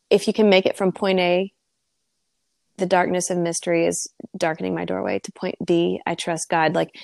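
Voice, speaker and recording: A woman shares her faith in a heartfelt, preaching way, her voice gravelly and slightly low. She sounds close to tears and very sincere. The mic is close and the sound is dry. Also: a little mellow, no room sound. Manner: earnest, tearful, preaching tone. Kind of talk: faith podcast conversation.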